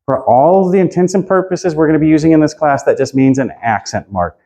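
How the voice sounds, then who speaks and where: Mellow-voiced man teaching a casual class. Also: on the high side, fairly quick, dull audio. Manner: loose and chatty, loses his notes, laughs often.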